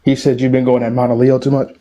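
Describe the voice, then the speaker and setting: Male caller, mellow dark tone, lays out points one by one. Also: mid-range voice, monotone, fast. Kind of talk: casual call-in chat.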